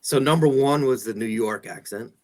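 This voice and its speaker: A man interviewing a guest in a relaxed conversation, joking and laughing often. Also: mid-range voice, normal speed. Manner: laughs often, loose and chatty. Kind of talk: casual chat.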